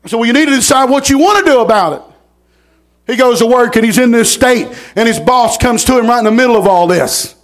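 Middle-aged preacher guy, real high voice, folksy, stumbles and repeats, gets loud. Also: fast talker. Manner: folksy, repeats words, rising to shouts. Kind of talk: sermon storytelling.

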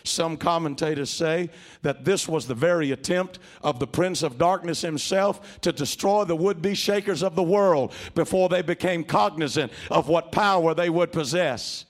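A man's voice: on the high side, moderate pace, hardly any pauses. A male preacher delivering a dramatic storytelling sermon, asking the congregation to repeat phrases. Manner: dramatic, animated, calls for congregation responses.

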